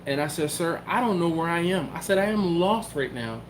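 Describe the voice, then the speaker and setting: A man from the Philadelphia area hosts a YouTube live stream, telling a story in casual talk with a slightly high voice and a somewhat quick pace. He's animated, acting out the quotes and even the cat sounds, with a bit of background noise in the recording.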